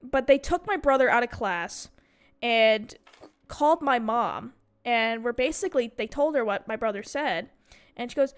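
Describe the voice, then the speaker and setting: A young woman in her twenties with a high, bright-sounding voice tells a story casually while playing a game. She talks in an animated way, swears freely and slips into the voices of the people in her story. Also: moderate pace, smooth. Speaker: gaming streamer.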